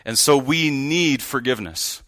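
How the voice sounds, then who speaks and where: A man's voice: medium pitch, a little slow, a bit bright. A man giving a sermon from a church pulpit, preaching in an earnest, conversational storytelling way. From United States. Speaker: guest preacher.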